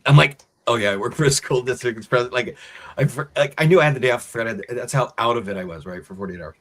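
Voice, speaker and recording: An American man, co-host of a casual talk show, telling a story in a lively way and acting out the voices of the people in it. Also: mid-range voice, fast talker. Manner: animated storyteller acting out quotes.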